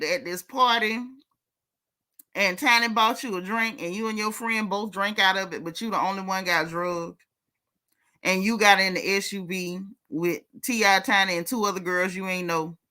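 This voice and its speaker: A woman's voice: mid-range voice, pushed and bright. A woman hosting a gossip vlog, talking straight to her viewers in sassy, teasing, slangy casual speech. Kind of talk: casual celebrity gossip commentary.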